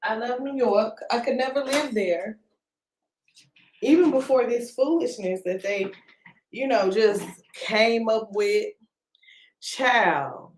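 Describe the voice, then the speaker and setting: A woman's voice: fairly high pitch, takes it slowly, low-quality recording. A woman from Texas with a Texan accent hosting a casual livestream from home, chatting and greeting viewers by name with playful slang. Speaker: livestream host.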